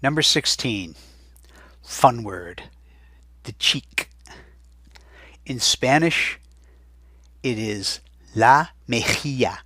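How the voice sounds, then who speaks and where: Husky, bright-toned man teaching vocabulary. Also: medium pitch, expressive, no echo. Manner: chatty, repeats each word slowly for dictation. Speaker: Spanish teacher. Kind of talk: recorded vocabulary lesson.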